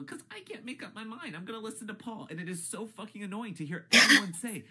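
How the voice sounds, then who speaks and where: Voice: mid-range voice, big pitch swings, quick pace, hardly any pauses, bright, forceful tone. A YouTuber in a profane, exasperated rant about a reality TV show, swinging from grumbling to shrieks. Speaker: YouTube ranter.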